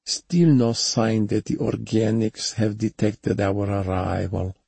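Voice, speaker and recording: A man with a husky voice voicing a female ship computer that reports in a flat, measured monotone. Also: fairly low pitch, no echo, pitched above the performer's own voice, full character voice. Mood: flat reporting.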